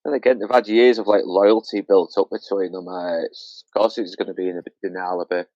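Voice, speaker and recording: A man from Hull with a Yorkshire accent talks in an easygoing, unhurried way. His voice sits fairly low and sounds dry and close. The audio comes through dull and lo-fi. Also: level tone, a little mellow, no room sound. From Hull, England. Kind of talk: casual chat.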